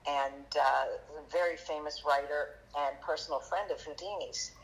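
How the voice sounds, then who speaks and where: A woman guest on a podcast, telling her story in a halting, chatty way with many fillers, turning lively when she quotes people. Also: deep voice, low-quality recording. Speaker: magician guest. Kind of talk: conversational storytelling interview.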